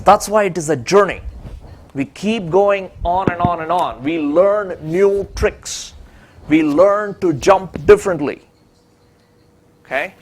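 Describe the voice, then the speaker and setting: A man giving a conference lecture on a handheld microphone, stopping often to ask the audience "okay?". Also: high voice. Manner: keeps checking in with the audience, "okay?". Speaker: conference speaker on innovation. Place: conference room.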